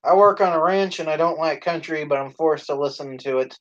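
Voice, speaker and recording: On a live stream, a man whose voice sits a bit high chats casually and fairly quickly, swearing freely and laughing often. He acts out the lines he quotes by shouting them, and the sound is dull and lo-fi.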